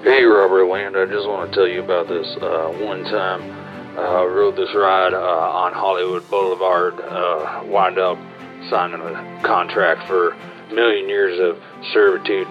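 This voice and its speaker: A man with a very low voice delivers an absurd story in flat deadpan, stalling on long uhs. The audio is dull and lo-fi, with faint music underneath. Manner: deadpan, hesitant, full of drawn-out uhs. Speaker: call-in comedic contributor. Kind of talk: deadpan comedic bit.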